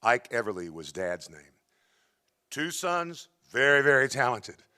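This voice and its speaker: A man's voice: medium pitch, very animated, unhurried, pushed and bright, smooth. A male singer hosting a benefit concert on a theatre stage, chatting folksily about music history between songs. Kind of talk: storytelling patter between songs.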